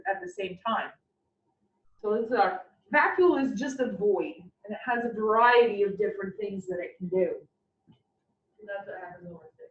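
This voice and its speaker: A woman anatomy instructor giving a classroom lecture, explaining with playful, animated analogies. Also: fairly high pitch. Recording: roomy, distant, dull lecture recording.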